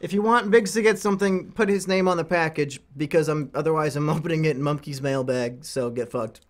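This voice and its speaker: A young man with a high-pitched voice hosts a casual gaming chat. His banter is crude, teasing and full of profanity. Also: normal speed. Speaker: podcast host.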